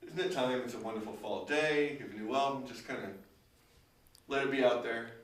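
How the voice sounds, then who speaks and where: A male interviewer asking long, halting questions full of restarts. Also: mid-range voice. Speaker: interviewer, host. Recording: roomy, far from the mic.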